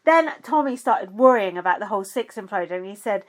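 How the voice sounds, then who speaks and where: A woman co-hosting a casual chat, retelling events in an animated way with plenty of "like" and swearing. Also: medium pitch, brisk. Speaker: podcast co-host recapping a reality show.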